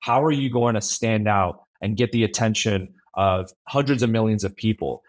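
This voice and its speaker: Lower-voiced man, podcast guest, easygoing and rambling delivery. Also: moderate pace. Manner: relaxed, rambling, frequent restarts and "like". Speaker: podcast guest, brand creative officer. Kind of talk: casual interview chat.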